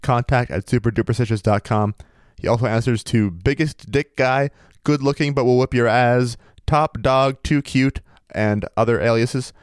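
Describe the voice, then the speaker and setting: Smooth-voiced deadpan male co-host. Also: medium pitch, normal speed, no room sound, clean studio sound. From United States. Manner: deadpan, wry, mock-formal. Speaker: podcast co-host. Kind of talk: casual chat.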